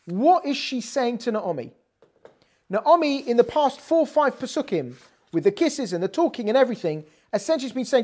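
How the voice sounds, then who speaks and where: At a normal speed and in a slightly high voice, a woman teaches a conversational Bible lesson. She explains each verse and animatedly acts out the quotes with sass.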